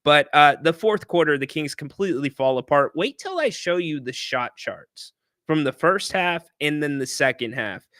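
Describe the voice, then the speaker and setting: A man's voice: fairly high pitch, expressive, moderate pace, a bit bright, no echo, studio quality. A man hosting a casual sports talk livestream, chatting animatedly and reading viewer comments aloud. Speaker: sports talk show host.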